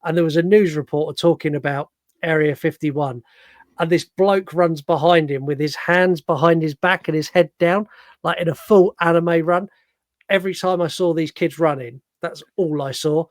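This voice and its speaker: An animated man with a fairly high voice, chatting through a film review and acting out scenes with a laugh. The sound is dry and close, with no room around it. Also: normal speed, dry recording. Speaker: podcast co-host. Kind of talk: casual film review chat.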